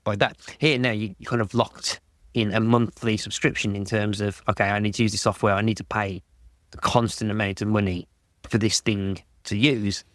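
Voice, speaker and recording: A man's voice: fairly low pitch, little pitch movement, normal speed, fairly bright tone, no echo, studio quality. A man talking casually on a podcast, rambling and restarting his sentences with lots of "like". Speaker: podcast guest.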